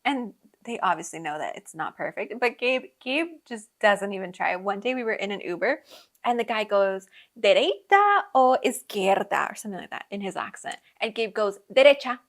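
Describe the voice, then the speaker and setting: The podcast host, a young adult woman, talks briskly in a mid-range, fairly bright voice. Her travel storytelling is casual and chatty, peppered with laughs and fillers.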